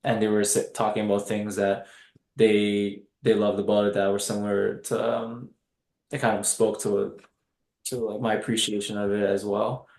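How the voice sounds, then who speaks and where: A man, a film director being interviewed, talking in a halting, hesitant way with many restarts. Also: on the low side, flat delivery, a little mellow. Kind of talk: casual interview chat. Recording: echoey room.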